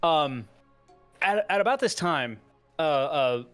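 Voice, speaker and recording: A man running a tabletop game as game master, easygoing and halting. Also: a little high, lively intonation, fairly bright tone, clean tone, soft background music.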